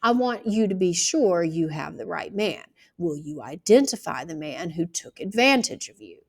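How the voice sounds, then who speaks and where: A woman doing a calm patient lawyer man, measured probing questions, storybook reading. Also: lowish voice, creaky. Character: calm, patient older male country lawyer.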